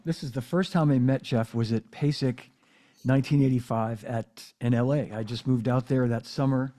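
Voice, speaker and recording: A man's voice: medium pitch, mellow. A man hosting a casual interview, telling stories with lots of fillers and restarts. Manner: rambling storyteller, many fillers and restarts. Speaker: podcast host. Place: home drum room.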